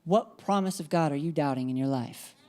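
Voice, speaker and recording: A woman's voice: deep voice, fairly quick, a little mellow. A woman preacher giving an emphatic church sermon, repeating key phrases and leading the congregation in responses.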